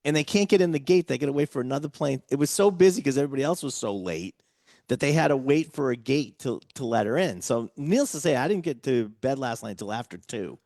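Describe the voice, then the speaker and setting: A man's voice: medium pitch, animated, fast, darkish tone, no room sound, studio quality. A man hosting a casual radio talk show, chatting loosely and restarting his sentences often. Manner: chatty, rambling with many restarts.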